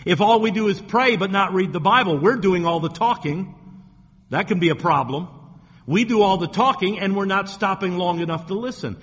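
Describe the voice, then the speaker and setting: A man preaching a sermon in a fairly high voice with a husky edge, pressing his points with earnest repetition. His voice rings out with a long reverb from the church hall around him. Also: fairly bright tone. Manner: earnest preaching with repeated words and rising emphasis. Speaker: pastor.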